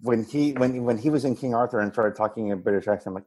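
A man's voice: medium pitch, fast, darkish tone, a little hiss or hum. A man co-hosting a podcast, teasing his partner and making wisecracks in casual chat. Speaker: podcast co-host.

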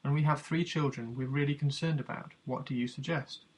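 Anxious married man seeking advice, read by a man narrator. Raspy, husky. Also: fairly high pitch, fairly even intonation, brisk, a little mellow. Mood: worried. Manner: worried, pleading. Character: worried married man at a seminar.

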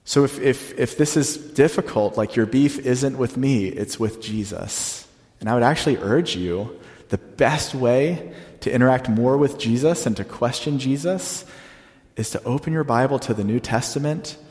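A man's voice: medium pitch, darkish tone. Male pastor preaching in a reverberant hall. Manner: conversational preaching, slows down to stress quotes. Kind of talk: sermon.

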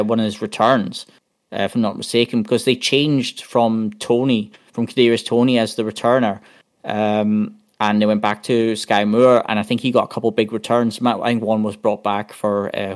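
A man on a sports podcast, chatting casually and rambling through game stats with many restarts. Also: medium pitch. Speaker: podcast panelist.

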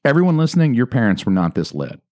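A man co-hosting a casual podcast with his wife, joking loudly and swearing often. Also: medium pitch, big pitch swings, fast, no echo. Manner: loud, profane, joking. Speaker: podcast co-host. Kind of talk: casual chat.

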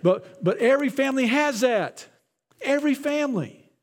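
A man's voice: very high voice, animated, moderate pace. A man, a pastor, preaching a sermon in a conversational way, often repeating his words.

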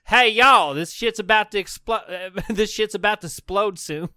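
A man putting on a high, twangy Texas drawl to play a phantom bell man ghost who taunts people. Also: moderate pace, pushed and bright, no echo, studio quality. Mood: taunting.

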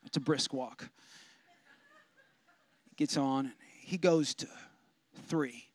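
A man preaching a sermon as pastor, telling a comic story and swinging from low asides to loud preaching. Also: takes it slowly, no echo. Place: church.

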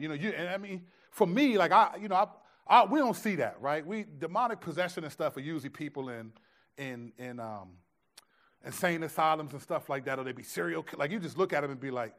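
A man preaching a sermon as a pastor, telling a story in a lively, casual way with lots of restarts and slang. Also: fairly high pitch, fast talker.

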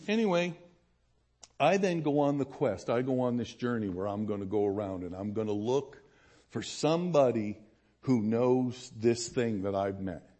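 A man's voice: mid-range voice, warm tone. A man pastor giving a sermon testimony, telling his story with animation and acting out the voices of people he quotes.

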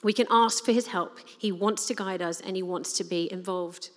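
A woman's voice: medium pitch, fairly even intonation, normal speed. Earnest woman preaching in a reverberant hall. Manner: earnest, conversational, many fillers. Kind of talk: sermon.

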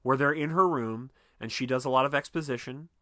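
A podcast co-host talks casually and animatedly about a movie, swearing often and using lots of fillers. His mid-range voice is a little fast and sharp, with clean studio sound and no room sound.

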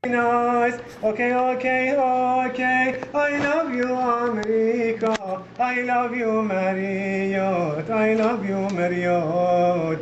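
Super high silly superhero guy, slow broken-english chant, sounds like an old echoey lo-fi tape. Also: steady tone, slight background noise, full character voice. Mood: gleeful crooning. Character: goofy male superhero crooning a clumsy love song. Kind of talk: comic singing. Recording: echoey lo-fi recording played back.

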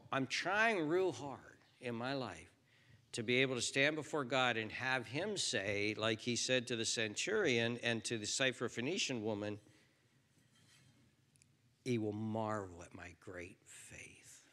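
A man preaching a sermon as pastor, earnest and pleading, swinging from loud, high pleas to a hushed near-whisper. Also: animated, normal speed.

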